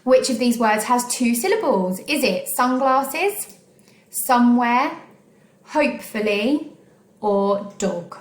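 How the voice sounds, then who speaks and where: Slow, careful woman teacher in echoey room. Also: on the high side, animated. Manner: slow, clearly sounding out syllables. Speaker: primary school teacher. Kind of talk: recorded online phonics lesson.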